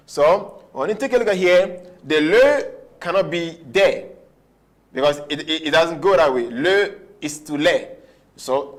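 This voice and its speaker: A man teaching a French grammar lesson at a board, slowing down on key words and often checking that students follow. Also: on the high side. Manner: repetitive, checks understanding often; slows down to stress key words. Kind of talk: whiteboard language lesson.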